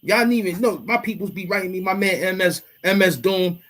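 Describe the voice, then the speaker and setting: A man, hosting his own channel and lecturing straight to camera in an impassioned, slangy rant from a warm indoor room. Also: high-pitched, fairly quick. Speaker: YouTube host.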